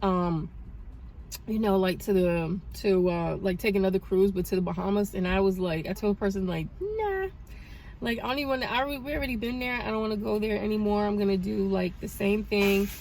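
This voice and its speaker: A woman in her thirties chatting casually in a vlog, telling a story with animated and grateful talk. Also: medium pitch, fast, slight background noise. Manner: animated storytelling, praises God. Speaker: vlogger. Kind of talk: casual chat.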